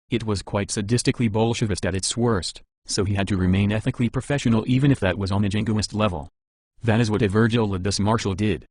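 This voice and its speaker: A man reading an audiobook as its narrator, in a steady, even scripted narration. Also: lowish voice, no echo.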